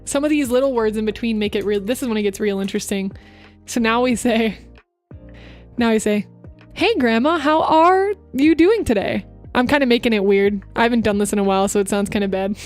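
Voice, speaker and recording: A woman's voice: medium pitch, steady tone, fast talker, a little mellow, faint music behind. A woman streamer chatting casually into her microphone, giving upbeat voice acting tips to her chat. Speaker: VTuber streamer.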